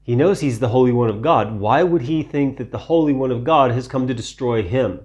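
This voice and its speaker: A man from Ukraine teaching the Bible in a sermon style, deliberate, repeating phrases for emphasis and asking rhetorical questions. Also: medium pitch, a little mellow, highs cut off.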